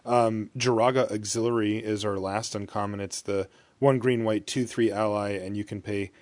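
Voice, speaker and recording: Low, dry-voiced male podcast host. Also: steady tone, moderate pace, darkish tone, dry recording. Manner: leads the discussion, reads out card text. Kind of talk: casual card-game podcast chat.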